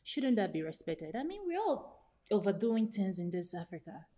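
An actress playing a blunt young daughter who rejects marriage. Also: female voice, mid-range voice, very animated, moderate pace, warm tone, natural voice. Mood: dismissive. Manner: blunt, dismissive.

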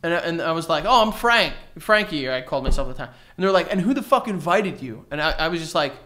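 A young man co-hosting a podcast, telling stories in a loose, animated way and swearing often. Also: fairly high pitch, fast talker. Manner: animated storytelling, swears a lot. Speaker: podcast co-host. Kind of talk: casual chat.

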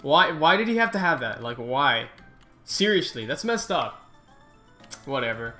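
A medium-pitched male voice narrates gameplay for his gaming channel in a casual, meandering style. He gets worked up easily, groaning and cursing at the game, with faint music behind him.

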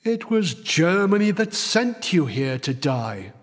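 A man voicing a stern army major who speaks calmly and persuasively, in a slow, lively reading with a long reverb behind it. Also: on the high side, heavily acted. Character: stern middle-aged male army major.

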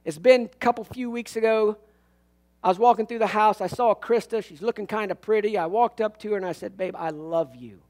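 Speaking fairly quickly in a high register, a pastor gives a lively, down-home sermon. He alternates booming bursts with soft passages and weaves in humorous anecdotes.

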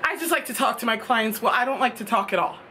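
A woman's voice: on the high side, lively intonation, fast talker, pushed and bright, a little hiss or hum. A young woman telling a storytime tale in a casual, exasperated rant, swearing freely. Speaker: vlogger.

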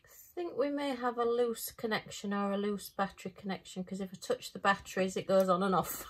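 A woman, chatting casually as she unboxes a craft kit. She thinks aloud and breaks into bright little exclamations. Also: mid-range voice, steady tone, brisk. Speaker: craft vlogger.

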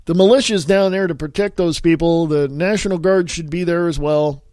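A podcast host with a blocked, sniffly nose and a voice set a little high for a man. He talks casually but gets heated, blunt and profane. The sound is dry and close, with no room around it. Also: fairly even intonation, moderate pace, darkish tone, no echo. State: stuffy nose from sinus infection and allergies. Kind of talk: casual political podcast rant.

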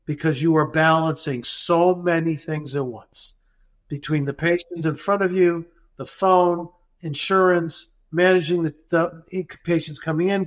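A man, a dental practice consultant, retelling an anecdote in a podcast interview and acting out the dialogue as he goes. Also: a little high. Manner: animated, acts out dialogue in the retelling.

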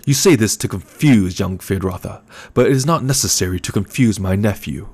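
A man reading an audiobook, voicing a fat, scheming older baron with a rumbling bass voice and a gloating, impatient manner. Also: fairly quick, darkish tone, husky.

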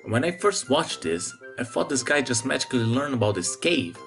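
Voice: mid-range voice, normal speed, soft background music. A movie reviewer talking through a film with sarcastic commentary. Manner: sarcastic, animated.

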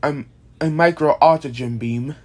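A speaker with a mid-range voice and measured pace presents an original monster character in a casual explainer video. Tired and yawning, the creator rambles, restarts often and swears casually.

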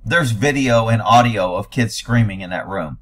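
A man's voice: on the low side, normal speed, a bit bright. A man giving blunt, sarcastic, profane commentary while reacting to news footage.

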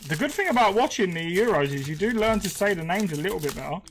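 A man's voice: sits high, animated, quick pace, slight background noise, poor audio. A British man hosting a live stream, chatting casually, reading names aloud and chuckling often. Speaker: host.

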